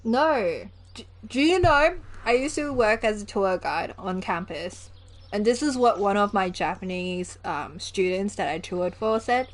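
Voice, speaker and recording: Speaking at an unhurried pace with a medium-pitched voice, a young gaming livestreamer chats casually while she plays. She giggles a lot, stays chatty, and tells animated stories.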